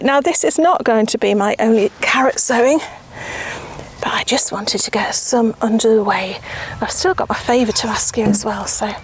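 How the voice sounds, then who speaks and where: A woman's voice: fairly high pitch, slight background noise. Chatty woman gardening outdoors. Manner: chatty and self-mocking, drops into whispers while working. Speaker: gardening channel host. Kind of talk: casual gardening demonstration. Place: outdoor garden beside raised beds.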